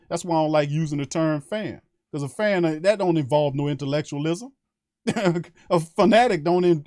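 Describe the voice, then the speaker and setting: A man's voice: a little high, darkish tone, dry recording, studio quality. Fired-up New man ranting. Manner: heated, emphatic, profane, repeats his points. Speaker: sports podcast host. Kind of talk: fired-up fan rant on a live stream.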